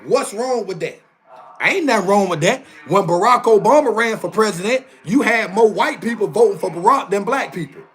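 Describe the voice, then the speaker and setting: A man holding forth on a livestream, his voice pitched high and swinging all over. He talks in a heated, emphatic way and drives each point home by repeating it. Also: expressive, brisk, few pauses, fairly bright tone. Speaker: live streamer. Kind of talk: casual livestream rant.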